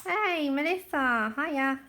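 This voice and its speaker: A woman's voice: sits high, lively intonation, slow pace, pushed and bright. A woman hosting a livestream, chatting casually while explaining her colouring steps and thanking viewers by name. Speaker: livestream art host.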